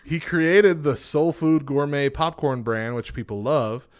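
A man's voice: on the high side, measured pace. A man co-hosting a podcast, reading out trivia facts and joking around with frequent laughter. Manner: jokey, laughs often, reads trivia then riffs. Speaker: podcast co-host. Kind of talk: casual chat, reading facts.

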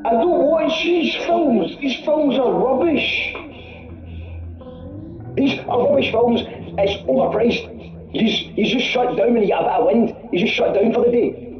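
A man's voice: very high-pitched, a little slow, muffled recording, music in the background. A man making a comic complaint call, exasperated and ranting, repeating himself. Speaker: caller.

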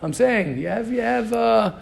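A rabbi teaching an informal Torah class, animated and questioning his students, mixing in Hebrew terms. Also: very high-pitched, a little slow, creaky.

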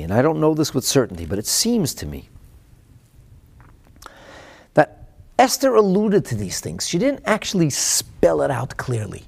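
A man teaching a Talmud class, who swings from loud dramatic exclamations to hushed whispers. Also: fairly high pitch, huge pitch swings, unhurried, gravelly, pauses often, husky.

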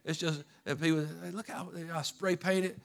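Folksy preaching pastor, high-pitched man. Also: fairly even intonation, normal speed, vocal fry. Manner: folksy preaching, rising to fervent calls. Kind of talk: sermon.

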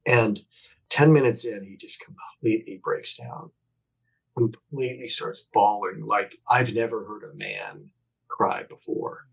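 A middle-aged man, a podcast guest, telling a personal story candidly and earnestly, often restarting his sentences and moving between emphatic bursts and hushed phrases. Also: on the low side, expressive, unhurried, vocal fry, slightly rough, low-quality recording. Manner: reflective, earnest, with frequent restarts and self-corrections.

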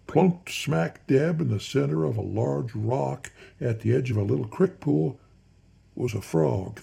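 A man spins a folksy yarn in a deeply gravelly, husky voice. His tone is dark and mellow, and he slows into soft, hushed asides. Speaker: storyteller. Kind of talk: spoken storytelling.

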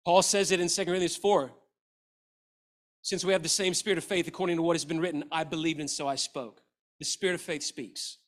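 Man, middle-aged pastor, high voice, passionate sermon, softer quoted lines. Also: fairly even intonation, a little fast. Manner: passionate preaching, dropping to quiet voices for quoted scripture.

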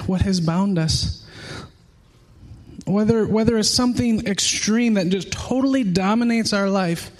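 A man in his thirties preaching a sermon earnestly, often repeating words as he searches for them. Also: sits high.

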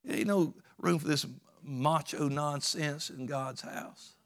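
Folksy preacher, higher voice. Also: male voice, fairly even intonation, slow. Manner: folksy, emphatic preaching with rural Southern grammar. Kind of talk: sermon.

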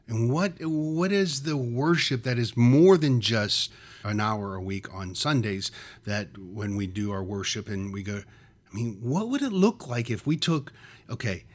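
A man's voice: mid-range voice, expressive, unhurried. A man in his fifties co-hosting a faith podcast, speaking earnestly and posing reflective questions.

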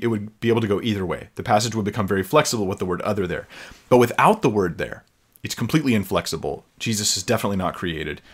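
A man giving an earnest teaching talk, explaining step by step, repeating words as he goes and reading scripture aloud slowly. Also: on the low side. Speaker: Bible teacher.

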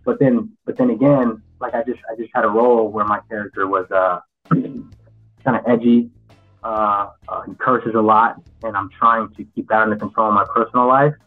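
A man's voice: on the low side, fairly even intonation, moderate pace. A man, an actor as interview guest, answering frankly and reflectively, often restarting his sentences. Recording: tinny phone-like line with faint music.

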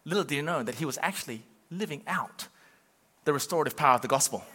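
A man's voice: on the high side, fast talker, slightly rough, long reverb tail. A male pastor preaching a sermon, urging the congregation on and acting out quotes. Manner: animated, urging the crowd, acts out quotes.

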